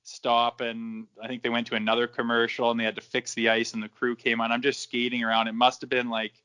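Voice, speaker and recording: A man's voice: mid-range voice, monotone, fast, pushed and bright, clean tone. A man in his thirties, a former hockey enforcer, swearing freely and acting out the dialogue while telling stories as a podcast guest. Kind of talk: casual storytelling in a podcast interview.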